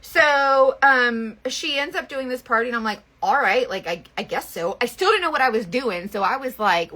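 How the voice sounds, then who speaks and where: A woman chats her way through a long, rambling story, with plenty of fillers and restarts. Her voice sits a touch high and sounds bright and sharp. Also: expressive, moderate pace, hardly any pauses. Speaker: makeup seller and vlogger. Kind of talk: casual storytelling chat.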